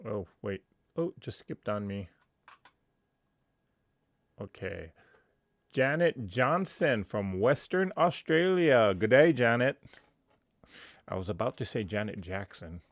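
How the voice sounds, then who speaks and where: A man's voice: on the low side, very animated, takes it slowly, long pauses, no room sound, clean studio sound. A man hosting a casual livestream, chatty and laughing often as he greets viewers by name. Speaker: livestream host.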